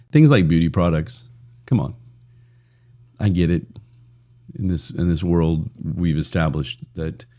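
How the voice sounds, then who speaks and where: A man's voice: extremely low pitch, mellow. A man hosting a solo podcast in a casual, blunt and profane way, rambling with frequent restarts. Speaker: podcast host.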